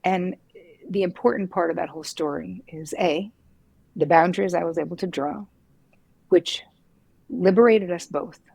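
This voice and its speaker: Husky, frank middle-aged woman. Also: lowish voice, moderate pace, pauses often, dry recording. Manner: frank, lively, swears casually. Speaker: psychotherapist guest. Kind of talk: candid conversational storytelling.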